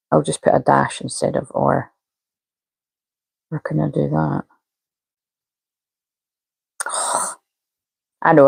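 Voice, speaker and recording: A woman's voice: low-pitched, gravelly, a little mellow, breathy edge, no room sound, rough recording. A woman, a spiritual coach chatting casually on a live stream and muttering to herself while she fiddles with settings.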